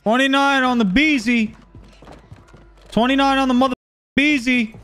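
A man streaming live gameplay, joking around, swearing casually and breaking into whooping shouts. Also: very high-pitched, steady tone, normal speed, soft background music. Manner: swears casually, talks to chat. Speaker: gaming streamer.

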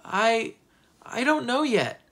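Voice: mid-range voice, very animated, moderate pace, a bit bright, slightly rough, pitched above the performer's own voice. A storybook reader voicing a shy young girl who pleads and hesitates. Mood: timid.

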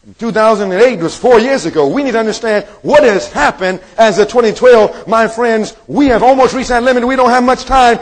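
A man's voice: high voice, expressive, brisk, rough recording. A male evangelist preaching a sermon to a congregation in a meeting room, emphatic and quizzing his listeners with questions.

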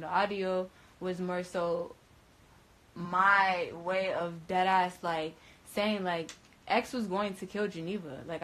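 Emphatic young woman telling a story. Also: poor audio. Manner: emphatic, slangy and profane, with frequent restarts; swings from loud and high to low and quiet. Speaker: storyteller recounting events. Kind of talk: casual storytelling to viewers.

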